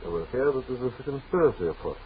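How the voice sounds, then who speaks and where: A man hosting a 1940s radio comedy show, trading brisk deadpan banter. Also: mid-range voice, a little hiss or hum. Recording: tinny old radio broadcast with roomy echo and music.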